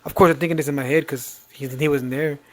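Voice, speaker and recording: A young man sharing a painful family memory with his brother, halting and choked up at times. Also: a little high, steady tone. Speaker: podcast co-host, brother. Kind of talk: emotional personal storytelling.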